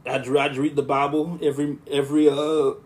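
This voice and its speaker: A man hosting a podcast and speaking as a preacher, with a smooth, monotone, relaxing voice; he talks in a rambling way, often restarting his sentences. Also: fairly high pitch, fairly quick. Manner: rambling, with frequent restarts and asides. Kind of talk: casual podcast talk.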